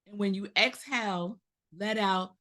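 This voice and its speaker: A woman's voice: medium pitch, a little slow. A woman in her forties, a minister giving a Sunday sermon, telling stories and speaking directly to her congregation. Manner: animated storytelling, addresses congregation directly. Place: spiritual center service.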